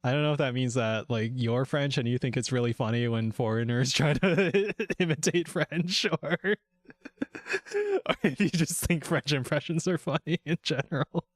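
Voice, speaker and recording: A man's voice: mid-range voice, normal speed, no echo, studio quality. A man chatting casually on a game-dev live stream, rambling from one aside to the next, swearing freely and laughing often. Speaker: VTuber game developer streamer.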